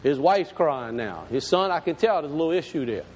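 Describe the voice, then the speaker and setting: A pastor preaching in a high voice that leaps up and down. He talks straight to his congregation in a folksy, emphatic way. His words ring with a long reverb, over a faint hum of background noise. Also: big pitch swings, fairly quick. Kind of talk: storytelling sermon.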